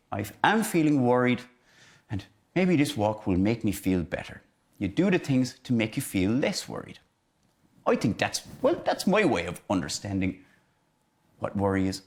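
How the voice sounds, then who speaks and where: Animated male teacher. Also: medium pitch. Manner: animated, playful, acting out emotions. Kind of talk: children's lesson on feelings.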